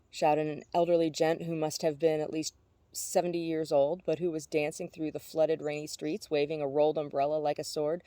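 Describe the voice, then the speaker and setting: A woman reading a novel aloud in a steady, even storytelling way. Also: low-pitched, brisk, no room sound. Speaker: audiobook reader.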